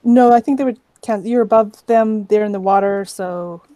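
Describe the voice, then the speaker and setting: A woman running a tabletop game as game master, giving calm, measured rulings. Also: mid-range voice, no room sound.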